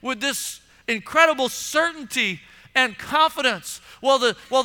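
A man preaching a sermon in a church and acting out the voices of onlookers. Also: very high voice. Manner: animated preaching, acts out voices of listeners. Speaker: pastor. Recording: long hall reverb.

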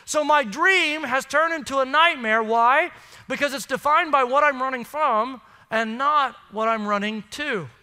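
A man's voice: very high-pitched, unhurried, sharp tone, smooth, big-room sound. A man preaching a sermon to his congregation, emphatic and conversational, asking the room questions. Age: adult with children. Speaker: pastor. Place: church sanctuary.

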